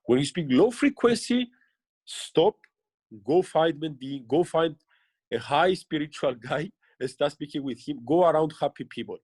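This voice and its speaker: A man's voice: a little high, lively intonation, normal speed, darkish tone, husky, no echo. Earnest man giving coaching advice. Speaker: interviewed business leader. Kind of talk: motivational interview answers.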